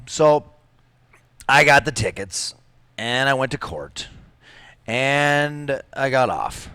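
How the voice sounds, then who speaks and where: A middle-aged man from Minnesota, a jiu-jitsu coach, telling a story in casual talk, animated and swearing freely. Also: mid-range voice, takes it slowly, long pauses, smooth, no room sound.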